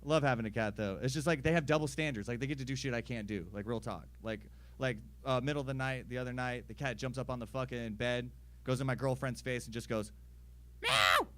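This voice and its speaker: A young man doing stand-up in a mid-pitched voice, crude and deadpan in how he tells his stories. He slips into acted-out voices for the people in them, then drops straight back to his own flat delivery. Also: fast. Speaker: stand-up comedian. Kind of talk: stand-up comedy set.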